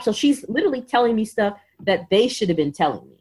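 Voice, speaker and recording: Speaking fairly quickly with few pauses, this slightly rough, medium-pitched woman in her thirties recounts a personal story as a podcast guest. She's animated, performs other people's lines, and fills her speech with "like."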